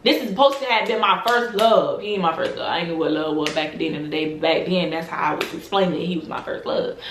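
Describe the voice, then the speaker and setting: A woman in her twenties telling a storytime tale to her vlog audience, animated and emphatic, full of slang. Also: lowish voice, quick pace, roomy sound, a little hiss or hum. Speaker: vlogger.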